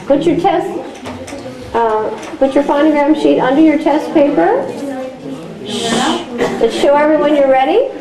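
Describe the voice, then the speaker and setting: A woman teaching a class, slowly dictating phonics sounds for a test and explaining how each is said. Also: high-pitched, roomy sound, a crowd in the background, low-quality recording. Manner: slow, deliberate dictation of sounds.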